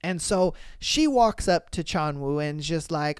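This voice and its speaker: A man's voice: fairly high pitch, animated, measured pace, clean tone, no echo, clean studio sound. A man hosting a podcast, recapping a drama in a rambling, slangy, casual way. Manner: rambling, full of fillers and slang. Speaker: podcast host.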